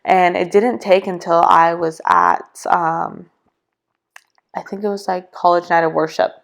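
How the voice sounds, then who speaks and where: A woman's voice: lowish voice, fairly even intonation, measured pace, vocal fry. A young woman from California telling a personal faith story as a podcast guest, chatty and full of fillers, acting out what she and others said. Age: young adult. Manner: chatty, filler-heavy, acts out quoted dialogue. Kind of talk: casual personal testimony.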